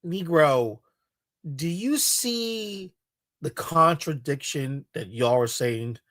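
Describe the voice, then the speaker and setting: A man's voice: fairly high pitch, expressive, slow, a bit bright, no room sound, clean studio sound. A man giving casual reaction commentary in a blunt, mocking, exasperated way.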